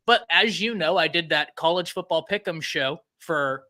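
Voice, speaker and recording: A man with a mix of Texan and New York accent, talking football in an animated, emphatic way. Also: on the high side, normal speed. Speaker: co-host, football analyst. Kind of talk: casual sports talk.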